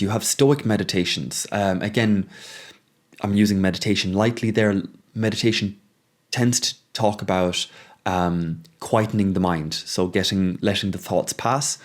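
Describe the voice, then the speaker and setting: Brief: male host, lowish voice, reflective solo talk, hesitant and thoughtful, builds to urging. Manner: musing, thinks aloud with frequent ums and restarts. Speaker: podcast host. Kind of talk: reflective monologue.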